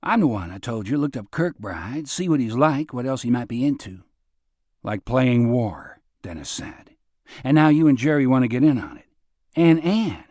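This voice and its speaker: A man's voice: medium pitch, a little mellow, no echo. A man reading an audiobook in a middle-range voice. He moves through the narration and lifts his tone a little for the dialogue. The sound is dry and close, with no room behind it. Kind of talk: scripted narration.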